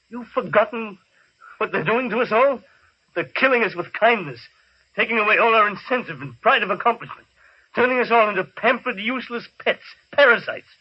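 Anxious, husky man, lively voice, dull vintage radio. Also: extremely high pitch, full character voice. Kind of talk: 1950s radio drama acting.

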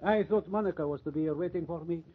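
A man's voice: fairly high pitch, quick pace, natural voice. A man playing a fussy count. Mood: flustered. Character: pompous foreign male count, middle-aged, touchy. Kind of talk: 1940s radio acting. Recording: tinny old radio recording with faint noise.

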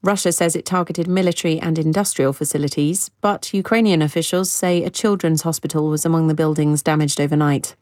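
Dry, measured woman newsreader. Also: sits low, fairly even intonation, darkish tone, dry recording. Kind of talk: scripted news bulletin.

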